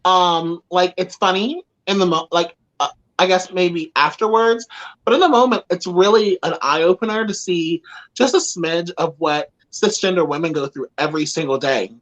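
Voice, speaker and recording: A man's voice: high-pitched, normal speed, fairly bright tone, highs cut off. A man, a drag queen co-host, rambling and giggling emphatically in casual chat.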